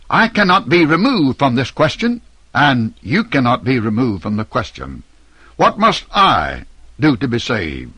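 A middle-aged man delivering a scripted sermon address as a radio preacher, in a measured, emphatic, declamatory way. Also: on the high side, a bit bright, husky, no echo.

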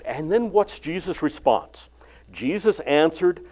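An older man preaching a sermon, retelling the Bible story and acting out its dialogue with lively inflection. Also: a little high, normal speed, slightly rough. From California.

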